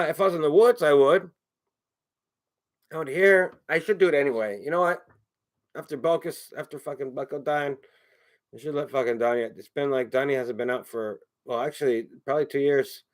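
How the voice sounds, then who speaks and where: A man's voice: mid-range voice, normal speed. Give me a man chatting casually, rambling and profane, repeating his words. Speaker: streamer.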